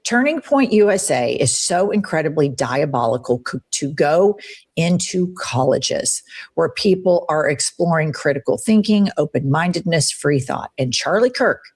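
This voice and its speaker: Impassioned husky-voiced woman host. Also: sits low, animated, normal speed, a little mellow. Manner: impassioned, profane, swooping emphasis. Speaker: show host. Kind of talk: heated political commentary.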